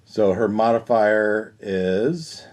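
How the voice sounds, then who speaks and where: A man's voice: fairly low pitch, drawn-out words, darkish tone. A man playing a tabletop game with friends, chatty and joking. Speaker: player. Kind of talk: casual tabletop game chat.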